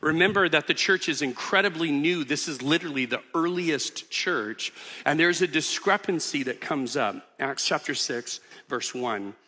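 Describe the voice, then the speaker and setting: A man's voice: fairly high pitch, lively intonation, moderate pace, bright, forceful tone, big-room sound. A man preaching a sermon as pastor, teaching earnestly with emphatic repetitions in a church auditorium.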